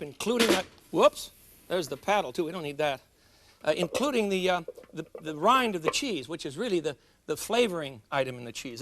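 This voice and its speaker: A man's voice: sits high, noisy background. A middle-aged man hosting a cooking show, chatting and joking with viewers as he demonstrates a recipe. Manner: chatty, jokes with viewers, laughs at himself. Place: studio kitchen.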